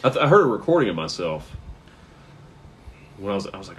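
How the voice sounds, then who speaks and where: A man with a very deep, low voice talks loosely in a casual podcast chat. He rambles, stalls on fillers and hunts for the right word as he goes. A faint hiss of noise sits behind him. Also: big pitch swings, brisk, a bit bright. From American South. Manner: rambling, searches for words with many fillers. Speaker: comedian guest.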